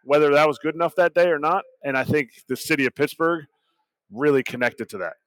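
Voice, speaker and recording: A man's voice: on the high side, brisk, a bit bright, dry recording. A man co-hosting a sports podcast, giving an earnest, thoughtful take. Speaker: podcast co-host. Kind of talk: casual sports chat.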